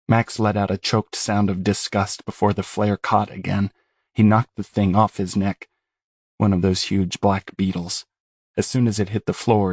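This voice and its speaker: A man narrating a horror novel as an audiobook, in a measured, grave and steady delivery. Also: lowish voice, no room sound, studio quality.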